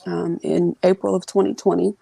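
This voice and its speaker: A woman with a low, gravelly voice tells a painful family story as an interview guest. She speaks earnestly, pausing and restarting, and sometimes breaks into the voices of the people she quotes. Her tone is dark and mellow, and the recording is close and dry. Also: level tone, dry recording, rough recording. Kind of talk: emotional personal storytelling.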